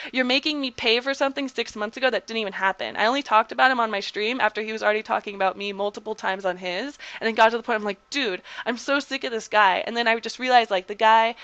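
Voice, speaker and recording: Bright-voiced young woman ranting bluntly. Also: fairly high pitch, clear, resonant tone, no echo, muffled recording. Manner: blunt, heated, heavy use of "like" and swearing. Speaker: streamer. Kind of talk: casual storytelling on a livestream.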